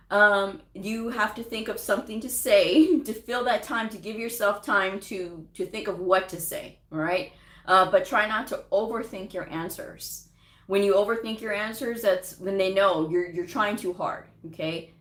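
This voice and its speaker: A woman in her thirties casually giving job interview advice, chatty and quick to laugh, with many fillers and restarts. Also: mid-range voice, a bit bright. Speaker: medical coding vlogger giving job advice. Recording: echoey room.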